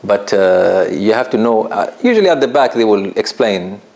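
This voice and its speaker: A man teaching a recitation class in a relaxed, conversational way, often checking understanding with "right?" and putting questions straight to his students. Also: fairly low pitch, normal speed, vocal fry. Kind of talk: classroom lesson.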